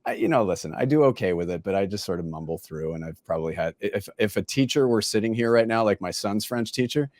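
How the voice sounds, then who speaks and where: A man's voice: fairly low pitch, expressive, fast, hardly any pauses, darkish tone, no room sound, clean studio sound. An American man hosting a casual interview, chatty and self-deprecating. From United States. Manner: chatty and self-deprecating, switching between French and English. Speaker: podcast host.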